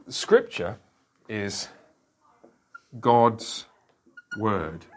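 Man, pastor, middle-aged, lowish voice, chatty church class teacher. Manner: conversational, checks in with listeners often.

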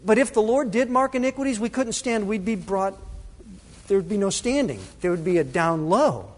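A male pastor preaching a sermon to his congregation, dramatic, swinging between loud emphasis and hushed asides. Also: sits high, expressive, normal speed. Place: church sanctuary. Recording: reverberant church hall.

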